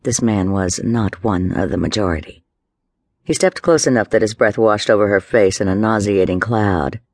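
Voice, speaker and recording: A man giving a measured, dramatic scripted narration of a story. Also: on the low side, a little mellow, no room sound, clean studio sound. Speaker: audiobook narrator.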